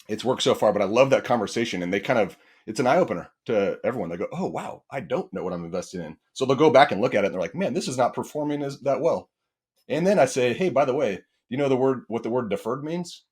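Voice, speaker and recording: A man who is a firefighter and property investor, chatting on a podcast as an animated storyteller who acts out quoted back-and-forth dialogue. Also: mid-range voice, fast, breathy edge. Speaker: firefighter and real estate investor. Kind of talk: casual podcast conversation.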